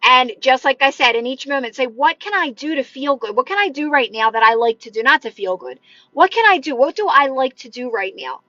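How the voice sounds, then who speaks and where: Speaking brisk and high with lively intonation, this woman runs a manifestation-coaching livestream, warmly responding to viewer comments. Lots of "like" fillers, plenty of hand gestures, and a pushed, bright delivery. The phone mic sounds lo-fi but free of echo.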